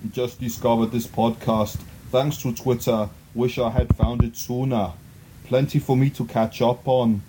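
A man putting on a gruff Austrian action-hero voice to read a listener review aloud on a podcast. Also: little pitch movement, unhurried, background noise, natural voice. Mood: mock-serious. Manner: low heavy Austrian-style delivery.

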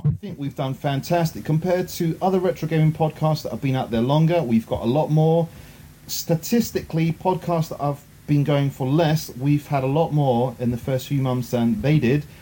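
A man's voice: on the high side, normal speed, dark tone, slight background noise. A man co-hosting a casual podcast, chatty and enthusiastic, laughing easily. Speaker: podcast co-host.

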